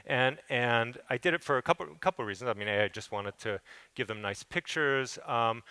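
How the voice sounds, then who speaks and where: Middle-aged man, photographer telling stage stories, bright and clear, casual and salty. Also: mid-range voice, no room sound. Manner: loose, conversational, swears and acts out quotes. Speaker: photographer giving an artist talk. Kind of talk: casual storytelling talk. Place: theater stage.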